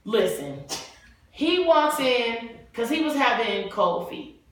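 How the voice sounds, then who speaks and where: A woman's voice: fairly high pitch, slow pace, recorded from a distance. Slangy woman podcast co-host, echoey. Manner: animated, slangy storytelling with laughs. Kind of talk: casual chat. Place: room with friends at a bar setup.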